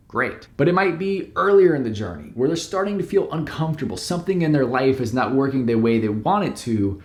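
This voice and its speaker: A man's voice: medium pitch, lively intonation, brisk, hardly any pauses, darkish tone, echoey room. A man who works as a business coach, giving direct, emphatic step-by-step advice to camera. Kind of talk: instructional talk to camera.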